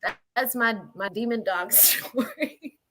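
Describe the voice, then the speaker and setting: Bright-voiced woman telling a lively story. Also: a little high, a little slow, slight background noise. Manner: animated, chatty, laughs mid-sentence. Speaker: paranormal investigator on a panel. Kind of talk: casual storytelling.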